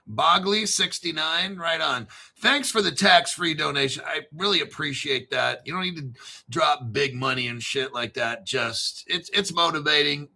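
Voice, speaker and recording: Gravelly, bright-toned profane male host. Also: fairly high pitch. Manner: profane, animated storytelling. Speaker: crypto channel host. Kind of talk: casual livestream chat.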